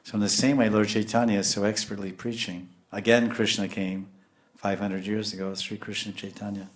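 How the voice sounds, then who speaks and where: Low-voiced man giving a lively sermon. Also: normal speed. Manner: animated, lapses into scolding voices when quoting; frequent chuckles and restarts. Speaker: spiritual teacher.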